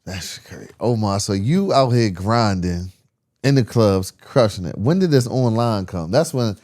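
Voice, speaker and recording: Male podcast host, deep and mellow, slow blunt reactions, dry close sound. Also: lively intonation, no echo. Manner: short backchannels, blunt slangy reactions. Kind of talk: casual interview.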